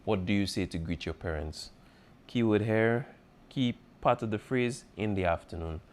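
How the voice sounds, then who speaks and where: A man's voice: on the low side, normal speed. A man as a teacher going over an exam review, patiently repeating key points and checking in with his students. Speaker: Spanish teacher.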